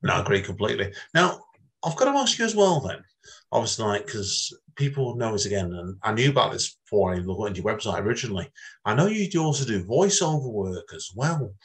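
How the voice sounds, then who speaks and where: A man's voice: on the low side, sing-song, fairly quick, fairly bright tone. A man hosting an interview, asking questions in a rambling, repetitive way. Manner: rambling, repeats himself, many restarts. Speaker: interview host. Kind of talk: casual interview chat.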